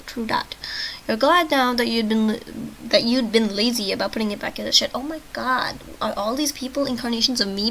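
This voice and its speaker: A woman's voice: fairly high pitch, gravelly, sharp tone, slight background noise, low-quality recording. A woman reading a text adventure aloud with chatty, self-mocking asides, often tripping over words and laughing it off. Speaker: let's-play host reading a text game aloud.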